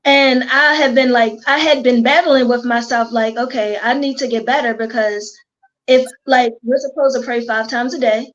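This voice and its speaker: High-pitched baltimore woman, chatty, acts out quotes, kinda muffled lo-fi sound. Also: moderate pace. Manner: animated storyteller, quotes herself and others. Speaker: guest, hair stylist. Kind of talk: casual chat.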